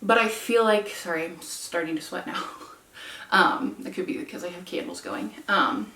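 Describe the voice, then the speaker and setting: A young woman with a fairly low voice talks candidly about her own life, earnest and self-reflective. She sounds set back from the mic, and her voice rings in an echoey room. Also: normal speed, pushed and bright, distant mic. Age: 20s. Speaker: vlogger. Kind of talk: candid personal vlog chat. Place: room at home with candles lit.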